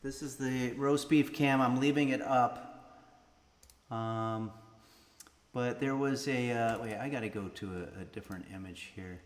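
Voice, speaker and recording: A man's voice: medium pitch, a little slow. A man hosting a casual livestream, joking and reading viewer comments aloud between songs. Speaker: streamer host. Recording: roomy echo with long reverb and loud guitar. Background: guitar music.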